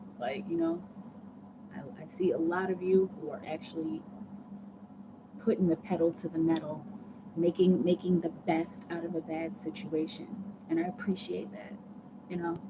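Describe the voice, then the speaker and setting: A woman who reads tarot hosts a casual livestream, reading viewer comments, laughing a lot, and rambling with restarts. Her low voice holds fairly even intonation at a moderate pace, and the muffled lo-fi audio has clear background noise.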